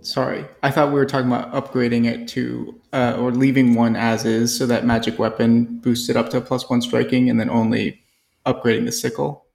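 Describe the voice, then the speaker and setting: A man's voice: mid-range voice, level tone, normal speed, gravelly, darkish tone, faint music behind. A man playing a tabletop game, carefully checking the rules and asking if things make sense. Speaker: player. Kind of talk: casual tabletop game chat.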